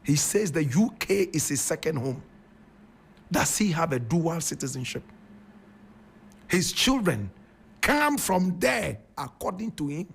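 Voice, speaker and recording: A man's voice: on the high side, big pitch swings, measured pace, creaky, pauses often, breathy edge. A man giving online commentary in a mocking, exasperated, emphatic manner.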